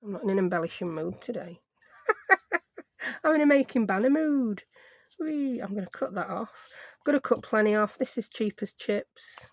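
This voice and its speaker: Woman, craft vlogger, rambling chatter, slight fry, dry. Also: mid-range voice, lively intonation, normal speed, a little mellow, no room sound. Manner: chatty, rambling, thinks aloud. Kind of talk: casual chat while crafting.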